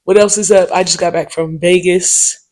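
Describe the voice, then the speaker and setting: A woman hosting her own podcast, telling stories in a loose, slangy and profane way, with lots of "um" and "okay?" asides. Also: lowish voice. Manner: animated, with quick asides and mimicked quotes. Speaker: podcast host. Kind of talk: casual solo podcast storytelling.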